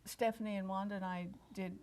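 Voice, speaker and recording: A woman's voice: mid-range voice, fairly even intonation, fairly quick, darkish tone. An older woman hosting a television cooking segment, chatting in a folksy, lightly joking way. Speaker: host. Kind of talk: casual cooking-segment chat. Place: television studio kitchen.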